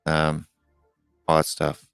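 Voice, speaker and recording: Deep-voiced man, casual rambling. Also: completely flat delivery, creaky, a bit bright, clear, resonant tone, no room sound, clean studio sound, soft background music. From United States. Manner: rambling, halting, with many fillers and restarts. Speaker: live call-in show host. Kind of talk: casual live-stream chat.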